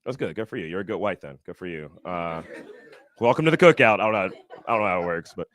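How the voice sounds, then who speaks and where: A man doing a stand-up comedy set on stage, animated and acting out other people's voices. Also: quick pace. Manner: animated, acts out other people's voices with big jumps in pitch. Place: comedy stage before a live audience.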